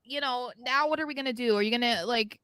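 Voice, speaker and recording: Bright-voiced woman podcast co-host. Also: on the high side, quick pace, smooth, dry recording. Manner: chatty, laughs often, blunt opinions. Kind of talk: casual podcast chat.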